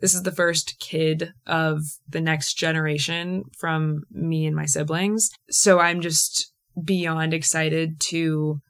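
Speaking slowly with few pauses and fairly even intonation, a young podcast host shares a personal story solo. Her low, fairly bright voice carries a chatty, emotional delivery full of "like" fillers.

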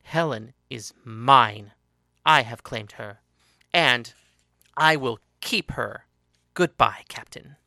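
A man voicing a cold, ruthless young woman fighter in a read-aloud story, speaking low and controlled. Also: moderate pace, sharp tone, dry recording, studio quality. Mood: menacing.

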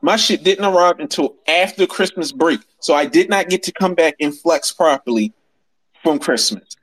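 A man co-hosting a casual live audio chat, telling stories in a lively, self-mocking and profane way. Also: fairly high pitch, moderate pace, rough recording. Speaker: podcast co-host.

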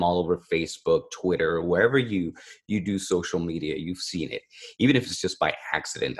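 Man, podcast co-host, very low voice, rambling casual chat, self-joking. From California.

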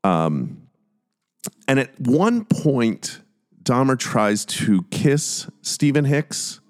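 A man's voice: mid-range voice, very animated, extremely slow. A man hosting a podcast, talking in a casual, critical, conversational way as he retells scenes. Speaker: podcast host. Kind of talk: casual commentary.

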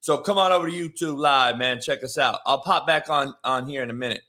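A man hosting a live morning stream, ranting profanely and confrontationally, mocking and shouting at his chat. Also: medium pitch, fairly quick. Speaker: live show host. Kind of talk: brash live-stream rant.

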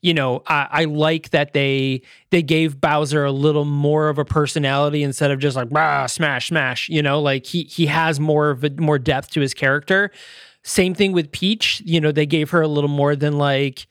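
A man hosts a podcast in loose, casual chat, his voice sitting a little high for a man. He rambles through fillers and restarts and acts out quotes in quick little voices. The sound is dry and close. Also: smooth, no echo. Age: adult parent. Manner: animated retelling, quoting others in little voices. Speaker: podcast host.

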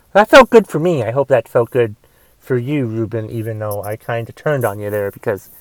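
A man hosting a podcast, ranting with heavy swearing, going from mumbled asides to loud angry outbursts. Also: mid-range voice, no room sound. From United States. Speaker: podcast host. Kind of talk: casual rant podcast.

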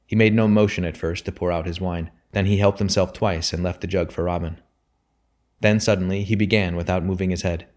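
A man narrating an audiobook in a deep, low voice. His reading is measured and even, carrying the story along at a steady pace. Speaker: audiobook reader.

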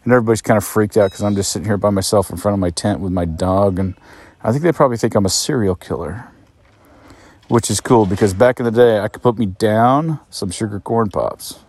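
Speaking fast in a lowish, darkish voice, this man rambles through a casual podcast recorded outdoors at a campsite in a state park. He jokes about road life, pokes fun at himself, and tells off his dog.

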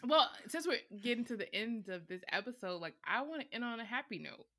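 A woman in her twenties co-hosting a podcast, upbeat and measured. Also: a little high, lively intonation, sharp tone. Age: 20s. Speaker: podcast co-host. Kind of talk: casual chat.

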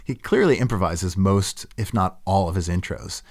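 A man's voice: low voice, expressive, normal speed, darkish tone. A man hosting a podcast, talking casually and self-deprecatingly about his own work. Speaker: podcast host. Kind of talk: casual reflective monologue.

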